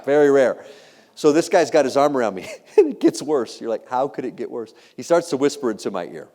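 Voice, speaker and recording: A man in his thirties giving a humorous storytelling keynote, animated and self-deprecating, teasing the audience with questions. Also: medium pitch, brisk. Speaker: keynote speaker. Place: large hall. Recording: long reverb of a large hall.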